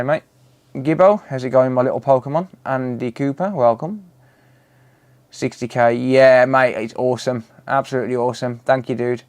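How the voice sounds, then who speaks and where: A man's voice: mid-range voice, darkish tone. Man greeting his live stream chat. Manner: greets chat viewers by name, says "mate" often. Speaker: live stream host, repair technician.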